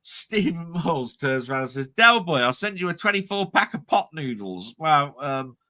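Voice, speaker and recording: A man's voice: a little high, sing-song, normal speed, sharp tone. A man hosting a casual livestream, reading viewer comments aloud in a chatty, self-deprecating way. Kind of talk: casual live chat.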